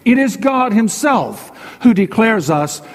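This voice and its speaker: A pastor delivers a sermon in a notably high voice, taking each phrase slowly and deliberately. He repeats key lines for emphasis. His voice carries a long reverb, as if he is speaking in a large hall. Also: big pitch swings. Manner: measured preaching with repetition and slow emphatic phrases.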